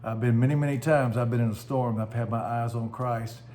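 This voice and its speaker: A man's voice: medium pitch, fairly even intonation, a little fast, mellow, a little hiss or hum. A man pastor giving a short devotional message, telling stories in a folksy way that livens up at dramatic moments.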